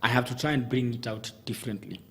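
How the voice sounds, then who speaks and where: A man with a medium-pitched, fairly even, slightly bright voice talks fast as a communication coach guest in a TV studio. He gives advice methodically, lists his points, and often restarts his sentences.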